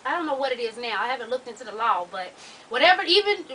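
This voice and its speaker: Bright, brash woman giving blunt advice. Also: fairly high pitch, sing-song, quick pace, recorded from a distance, rough recording. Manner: blunt, profane, sassy. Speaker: advice show host. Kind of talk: casual advice vlog.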